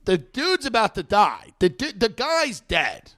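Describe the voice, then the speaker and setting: A man's voice: high-pitched, wildly swooping pitch, unhurried, a bit bright. A man in his thirties hosting a podcast, telling a comic story in a brash, profane way. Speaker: podcast host.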